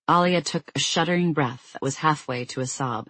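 An audiobook narrator reading a story in a calm, measured way. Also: medium pitch, slightly rough, no room sound. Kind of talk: scripted narration.

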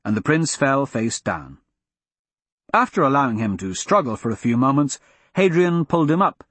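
A man narrating a fantasy audiobook in a steady, measured storytelling manner. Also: medium pitch, breathy edge, no room sound.

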